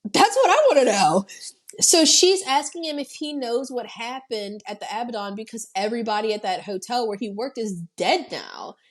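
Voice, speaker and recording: A woman podcast host recaps a horror movie in loose, animated chat. Her voice sits a bit high for a woman, and she swears freely as she tells the story. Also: normal speed. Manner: animated storytelling, heavy swearing, acting out quotes. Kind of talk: casual film recap chat.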